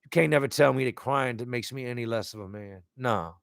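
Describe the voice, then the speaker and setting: Gravelly-voiced man talking candidly on a live stream. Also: mid-range voice, fairly quick, fairly bright tone, no room sound, studio quality. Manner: candid and emotional, repeats words when searching for them; casual and blunt, with swearing. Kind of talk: live stream, reading out viewer comments.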